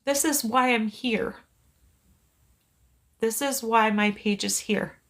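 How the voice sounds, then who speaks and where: A middle-aged woman, a psychic medium, talking gently and pleadingly into her phone on a live stream, reassuring a viewer in one side of a conversation. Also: on the high side, slow pace.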